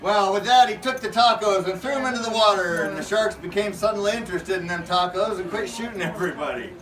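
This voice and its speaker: Speaking quickly in a high-sitting voice, this costumed pirate at a faire makes up a goofy story with the crowd, often breaking into laughter mid-sentence. The outdoor recording is distant and noisy, with crowd sounds throughout.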